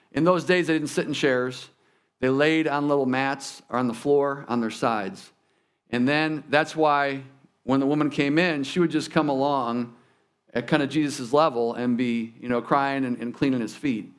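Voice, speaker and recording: Medium in pitch and moderate in pace, a male pastor delivers a sermon inside a church sanctuary. His style is conversational, and he often addresses the congregation directly with side remarks.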